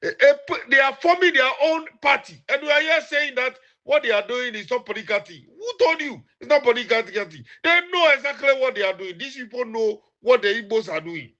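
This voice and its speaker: A man's voice: very high-pitched, lively intonation, brisk, hardly any pauses, sharp tone, muffled recording. A man ranting in an accusing way, repeating rhetorical questions. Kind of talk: heated rant.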